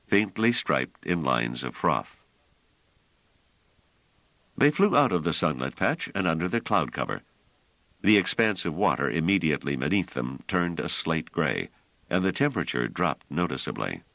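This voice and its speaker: A man narrating a science fiction audiobook in an expressive storytelling manner. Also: rumbling low, gravelly, no room sound. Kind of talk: scripted narration.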